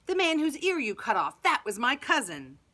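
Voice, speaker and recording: A woman voicing a hostile male servant who loudly accuses someone in a storybook reading. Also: high voice, huge pitch swings, moderate pace, pitched above the performer's own voice, full character voice. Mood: angry. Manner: loud, angry, accusing.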